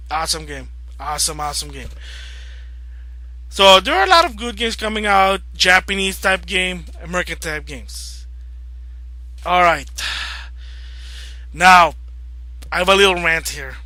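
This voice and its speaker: Man, high voice, rambling game vlog rant, gets worked up and loud. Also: expressive, normal speed, pauses often, dry recording. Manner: rambling, grows agitated and loud when ranting. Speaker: video game vlogger. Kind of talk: casual opinion vlog rant.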